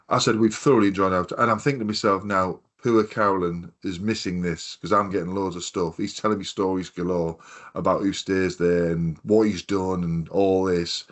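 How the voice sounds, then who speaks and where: A man's voice: low voice, normal speed. A man in his fifties chatting casually on a podcast, telling rambling anecdotes full of swearing and quoted voices. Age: 50s. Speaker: podcast co-host. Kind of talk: casual chat, storytelling.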